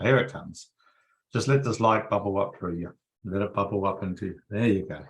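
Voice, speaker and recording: A man leading a guided energy-healing meditation for a group, coaxing softly and repeating himself, with many fillers. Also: fairly low pitch, a little fast.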